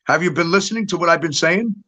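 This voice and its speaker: A man's voice: on the high side, quick pace, bright, forceful tone. A middle-aged man in a casual, profane ranting monologue, bluntly laying out his theory and keeping on asking "okay?". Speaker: true-crime commentator. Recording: dull lo-fi audio.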